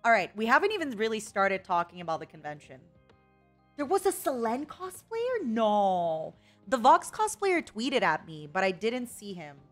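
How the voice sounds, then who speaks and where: A woman's voice: on the high side, very animated, moderate pace, fairly bright tone. A young woman streaming a casual chat, dramatic and emotional, laughing often, with faint music behind.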